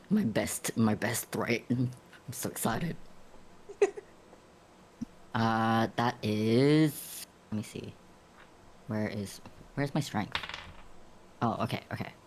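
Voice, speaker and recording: A man's voice: on the low side, expressive, takes it slowly, long pauses, a little hiss or hum. A man playing a tabletop game, describing his actions in a rambling, giggly way with self-corrections. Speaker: player.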